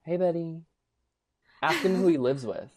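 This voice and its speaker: A man's voice: a little high, huge pitch swings, moderate pace, gravelly, crowd noise, pitched above the performer's own voice, heavily acted. A man voicing a faded female film star in a pointed, needling tone while retelling a musical's plot.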